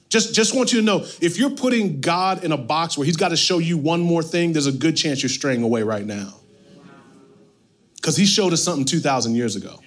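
A male pastor preaching a sermon, reading scripture and retelling it with animated, playful asides. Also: a little high.

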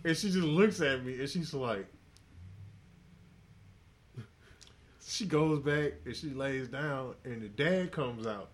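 A man's voice: a little high, measured pace, pauses often, slight background noise. Profane, laughing man telling a story. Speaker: podcast host. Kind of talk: casual storytelling.

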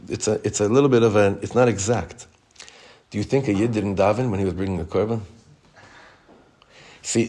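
A man teaching a Torah class as rabbi, reading text quickly and explaining it in chatty English. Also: medium pitch, creaky. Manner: reads Hebrew text fast, then explains it in relaxed English; chatty, with frequent restarts.

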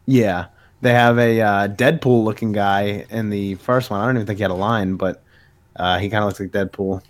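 A man's voice: lowish voice, steady tone, normal speed. A man co-hosting a podcast, recapping a comic issue in casual chat with many filler words. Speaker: podcast co-host.

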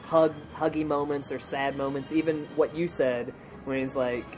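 A man co-hosting a comedy podcast, talking casually in rambling, animated banter with lots of fillers. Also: medium pitch, moderate pace, over music. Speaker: podcast co-host.

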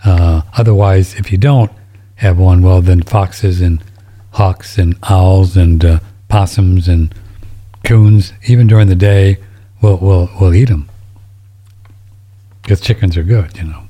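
A man's voice: deep voice, steady tone, slow pace, pauses often, warm tone. A man hosting a show, reading listener emails in a rambling, folksy, casual way, easily moved to tears. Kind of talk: casual chat.

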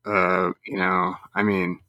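A man's voice: low-pitched, flat delivery, slow pace, bright, forceful tone, no room sound. Dry-voiced man telling rambling stories. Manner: rambling storyteller, dry humor. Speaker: podcast co-host, recruiting reporter. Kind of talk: casual chat.

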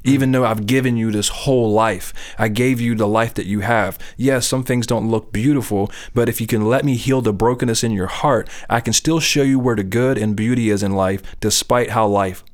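A man's voice: fairly low pitch, fairly even intonation, normal speed, hardly any pauses. A middle-aged man speaking about faith in an earnest, conversational way. He keeps checking in with his listener as he talks. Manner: earnest, conversational, often asks "you know what I'm saying?". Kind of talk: casual faith talk.

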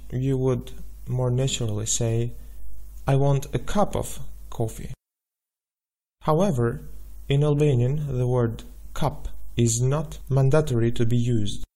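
A man gives a language lesson at an unhurried pace. His voice is mellow and dark, and he patiently says each word twice so the listener can follow. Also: medium pitch. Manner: patient, repeats words slowly for the listener. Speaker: language teacher. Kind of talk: slow, deliberate language lesson.

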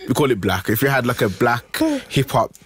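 A man's voice: medium pitch, a little fast, a bit bright. A young man, arguing his point and interjecting often in casual chat. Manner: argumentative, interjecting.

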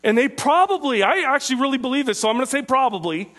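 High-pitched male preacher, interactive teaching sermon, quizzes the room, stretches out key phrases. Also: expressive, a bit bright. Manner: asks the listeners questions, slows down on key phrases.

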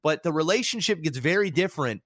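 Here a podcast co-host and streamer in his thirties talks fast, chatting casually with a candid, reflective tone and lively upward swings in pitch. No echo is present, and the sound is clean and studio-grade.

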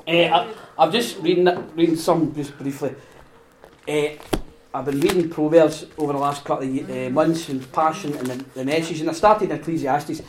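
A Scottish man with a notably high-pitched voice preaching in a relaxed, chatty way on a podcast. He is animated and quick to laugh, and slips into little acted-out voices as he makes his points. He sounds like he is talking with friends rather than lecturing. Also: slight background noise. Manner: animated, laughs often, acts out quoted voices. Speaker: podcast host. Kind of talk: conversational preaching.

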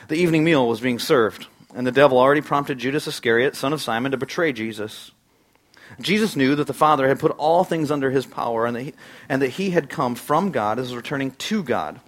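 A man pastor preaching a sermon, earnest and conversational, with sudden bursts of emphasis. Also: medium pitch.

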